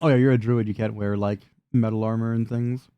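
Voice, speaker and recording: Young male game master, animated and playful, dry close mic. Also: fairly low pitch, a little fast, smooth, no echo, muffled recording. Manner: animated, laughs often. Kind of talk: running a tabletop game.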